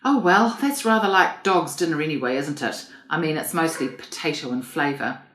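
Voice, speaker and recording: A woman's voice: deep voice, normal speed, fairly bright tone. A woman reading an audiobook, voicing a frank, awkward young woman who speaks bluntly. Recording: roomy echo.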